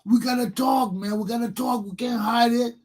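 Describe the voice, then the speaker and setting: With a very high voice, fairly even intonation and a moderate pace, a man hosts a talk show in a Liberian English accent. He gives impassioned political commentary aimed at his listeners and tends to repeat himself.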